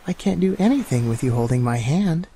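Man doing a gentle mother otter. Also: mid-range voice, animated, brisk, a little hiss or hum, close to an everyday voice. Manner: soft, gently coaxing.

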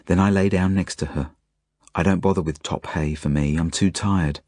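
A man's voice: low-pitched, steady tone, moderate pace, darkish tone, no echo, clean studio sound. A man with an Australian accent, an author reading his own novel as first-person audiobook narration in a plain, earnest way.

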